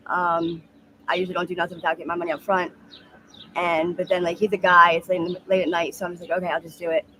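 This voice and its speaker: A woman in her mid-thirties speaking frankly in a street interview, halting with many ums and likes. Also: lowish voice, little pitch movement, a bit bright, slight background noise. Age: 30s.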